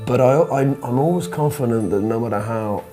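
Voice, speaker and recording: A man speaking as an interview guest, telling a reflective story in a halting way, often repeating words and laughing softly. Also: medium pitch, music in the background.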